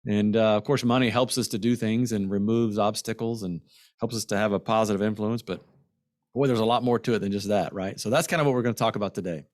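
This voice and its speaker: A man's voice: fairly low pitch, steady tone, fast, no room sound, clean studio sound. A middle-aged man hosting a finance podcast, telling stories in loose, rambling casual chat. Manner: storytelling, rambling with fillers and restarts. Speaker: podcast host and financial planner.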